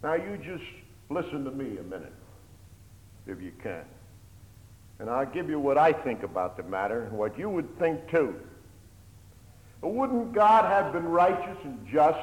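A man preaches a sermon in a long-echoing hall, his voice rising and falling with lively swings of pitch. He moves from loud, pleading passages to hushed, almost whispered ones. His pulpit phrasing is old-fashioned and earnest, and he keeps addressing the congregation as "my hearers". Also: measured pace, pauses often, dull audio. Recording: echoey hall, long reverb.

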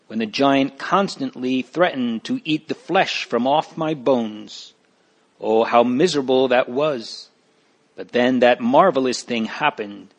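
A man's voice: mid-range voice, lightly acted. A man voicing a timid male pilgrim who speaks with a trembling, hesitant voice in a storybook.

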